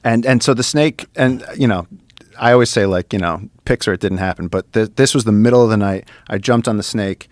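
A man, a podcast guest, excitedly telling an adventure story with lots of fillers, restarts and swearing. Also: lowish voice, fairly quick, no echo. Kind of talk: animated storytelling. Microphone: studio podcast mic.

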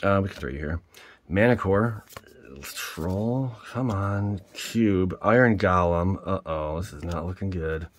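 A man hosting his own channel, giving casual, excitable commentary while opening card packs and exclaiming at each pull. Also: low voice, unhurried. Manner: peppers speech with mild swears.

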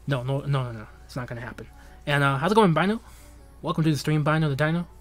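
A man's voice: a little high, faint music behind. A young man hosting a livestream, chatting casually and rambling with lots of laughs and jokes. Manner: rambling, joking, laughs often, drawn-out bits. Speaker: livestream host.

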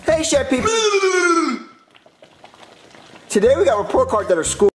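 A man voicing a whiny, hesitant young boy with a gravelly edge in a puppet comedy sketch. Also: extremely high pitch, big pitch swings, unhurried, reverberant, slight background noise, full character voice. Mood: eager.

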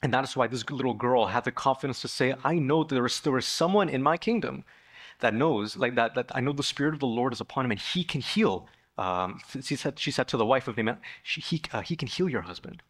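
Man, preacher, sermon, church, mid-pitched, lively storytelling, acts out figures. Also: fairly quick. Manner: animated storytelling, acting out the figures with sudden raised pitch. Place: church sanctuary.

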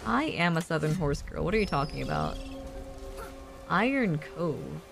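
A woman's voice: sits low, huge pitch swings, moderate pace, gravelly, over music. An American woman streaming a game, chatting and giggling with her viewers in casual commentary. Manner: chatty, giggly, talks to chat.

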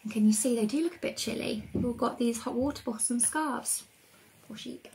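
A woman reading a picture book aloud to children in a lively, expressive way. Her voice sits a little high for a woman. She shapes the story with gentle, playful emphasis. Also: fairly quick, gravelly, rough recording. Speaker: reader.

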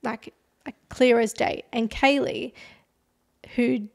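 A woman's voice: fairly high pitch, fairly even intonation, slow pace, gravelly. A woman hosting a podcast, casually retelling a true-crime story with lots of "like" fillers and dramatic emphasis. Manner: chatty, heavy use of "like" as filler. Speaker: podcast host.

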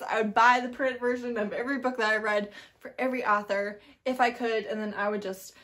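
A woman's voice: fairly high pitch, fairly even intonation, brisk, a bit bright. A woman book vlogger in casual chat, rambling and chatty with lots of asides and emphatic bursts.

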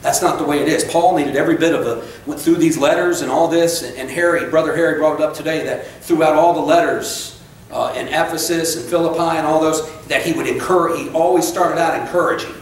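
A man preaching with fervent energy, urging his listeners on and slipping into casual asides. His voice sits somewhat high for a man. It carries through a very echoey church, picked up from far off with faint room ambience. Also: fairly even intonation, a little fast, slight background noise. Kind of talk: sermon. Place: church sanctuary.

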